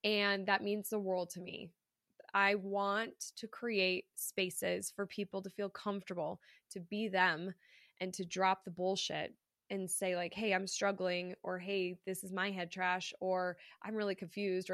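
A woman's voice: medium pitch, little pitch movement, measured pace, a bit bright, no echo, studio quality. Chatty congested woman podcaster. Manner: candid, chatty, swears casually, many fillers. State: congested from allergies. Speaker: podcast host. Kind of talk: casual solo podcast monologue.

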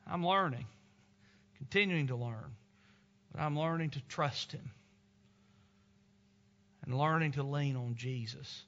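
A man's voice: fairly high pitch, takes it slowly, long pauses, fairly bright tone. Male pastor, emphatic sermon delivery, somewhat lo-fi sound. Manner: earnest, emphatic, tender. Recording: slightly dull lo-fi recording.

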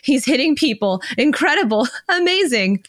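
A woman's voice: on the high side, normal speed, no echo, studio quality, natural voice. A woman voicing a mocking young male ghost cousin, taunting in a sarcastic sing-song from a novel she reads aloud. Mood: gleeful taunting.

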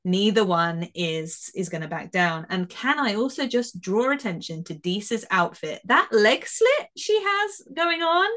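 A chatty woman at mid pitch talks through a TV episode with her co-host in a relaxed podcast conversation. She is animated and quick to laugh, and she often restarts her sentences. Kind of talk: casual episode review chat.

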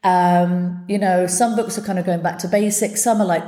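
A woman hosts her own podcast in a heartfelt, earnest monologue, dropping swear words without a second thought. Her voice sits low and mellow, never bright. The sound carries the echo of a bare room around it. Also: fairly even intonation, moderate pace. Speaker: podcast host. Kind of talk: candid solo podcast talk.

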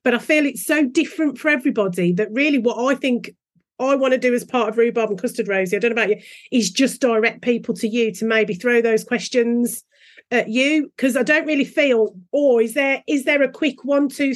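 A woman co-host with a high voice leads the podcast chat. She asks her questions casually, restarting as she thinks them through. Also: a little fast. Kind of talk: podcast interview.

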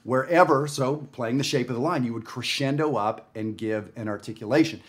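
A man from Canada talks through a jazz lesson to camera. He speaks in a conversational way, stressing his points and checking in with the viewer. His voice sits at a middling pitch. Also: brisk. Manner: conversational, emphatic, frequent "right?". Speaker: jazz music teacher. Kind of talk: casual video lesson. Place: home studio with his dog.

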